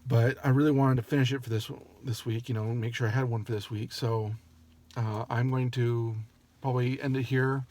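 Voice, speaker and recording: A man's voice: medium pitch, level tone, normal speed, a little mellow. A man reading a story aloud, then chatting casually and apologizing for slips and restarts. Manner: apologetic, self-correcting. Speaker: story reader.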